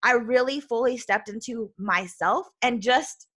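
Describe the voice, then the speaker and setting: A loud, bubbly woman gives a motivational podcast talk as a self-love coach. Her voice is bright and a little high, and she keeps checking in with her listeners with a quick "right?". The tone stays earnest and encouraging throughout. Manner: earnest, with many "right?" tags.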